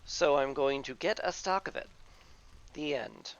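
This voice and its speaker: A man's voice: fairly high pitch, unhurried, dull audio. A man casually commenting on his gameplay as he plays, talking to himself and to the game with mock rants. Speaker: gameplay streamer.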